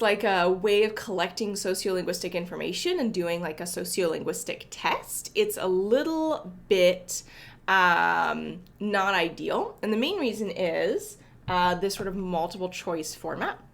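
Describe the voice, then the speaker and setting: A woman's voice: mid-range voice, a bit bright. A young woman hosting a casual coding livestream from her apartment, greeting viewers by name and a little sniffly from allergies. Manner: chatty, greets viewers by name, self-correcting. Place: apartment home.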